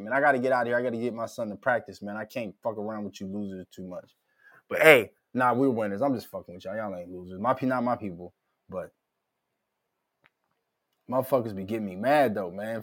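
A middle-aged man from Minnesota hosting a podcast, ranting casually with lots of profanity and heated outbursts. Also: on the low side. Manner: profane, heated, loud rants. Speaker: podcast host.

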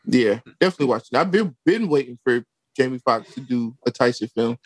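A man in casual chat, relaxed and hesitant, with frequent ums and restarts. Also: mid-range voice, a little fast, no room sound.

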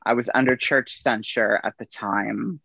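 A middle-aged man tells his stories at an easy pace, acting out the people in them. His voice has a gravelly edge. The recording sounds dull and dry. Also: mid-range voice, measured pace, dry recording. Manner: relaxed anecdotal delivery with quoted dialogue. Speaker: podcast guest, army veteran. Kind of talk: casual storytelling.

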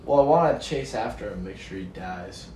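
A man's voice: fairly low pitch, lively intonation, moderate pace. A man playing a tabletop game, calling out dice rolls and damage matter-of-factly. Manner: matter-of-fact dice talk. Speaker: player. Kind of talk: casual tabletop game play. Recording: distant, echoey, loud background noise.

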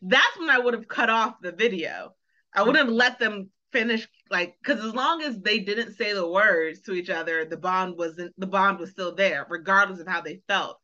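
A woman co-hosting a casual podcast with a bright, forceful voice. She talks in an animated way and acts out characters' lines. The sound is dull and lo-fi. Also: mid-range voice, moderate pace. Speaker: podcast co-host. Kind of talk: casual chat reviewing a TV episode.

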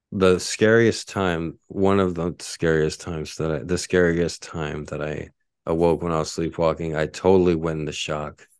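A man's voice: sits low, darkish tone, smooth, no room sound, clean studio sound. A man from Texas, a podcast host, telling rambling casual stories full of "like" and casual swearing. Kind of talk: casual storytelling.

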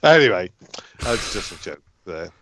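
A man's voice: sits low, very animated, normal speed, fairly bright tone, no room sound. A man, a comedian guest on a radio show, talking in a hesitant way with lots of ums and self-mocking jokes. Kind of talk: casual radio chat.

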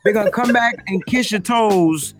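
A man's voice: high-pitched, normal speed, over music. A man co-hosting a casual sports fan podcast, talking in loose slang and laughing often. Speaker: podcast co-host.

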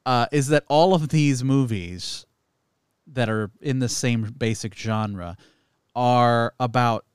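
A man's voice: medium pitch, slow pace, smooth, no room sound, studio quality. A man co-hosting a movie podcast, speaking thoughtfully in casual chat and laughing along. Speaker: podcast co-host.

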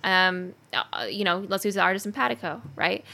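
Bright, chatty woman hosting. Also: mid-range voice, normal speed, creaky. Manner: chatty and animated, many fillers. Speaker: podcast host. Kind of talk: casual chat.

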